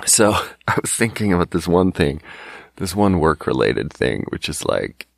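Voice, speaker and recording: Low-voiced man rambling, dry sound. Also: very animated, moderate pace, creaky, no room sound. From Sweden. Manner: rambling, self-conscious, laughs often mid-sentence. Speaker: podcast host. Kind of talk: casual solo monologue.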